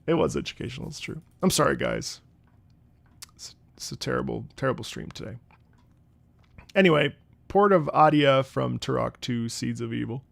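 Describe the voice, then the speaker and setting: A young man on a casual livestream, rambling through anecdotes and breaking into loud laughter. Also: mid-range voice, big pitch swings, moderate pace, vocal fry, long pauses, dry recording. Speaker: streamer reacting to game music. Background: game music playing.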